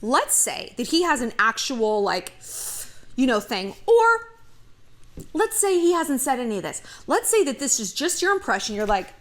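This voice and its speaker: A woman's voice: high voice, moderate pace. A woman giving blunt relationship advice in a casual monologue, acting out bits of dialogue as she goes. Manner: animated, blunt, acts out dialogue.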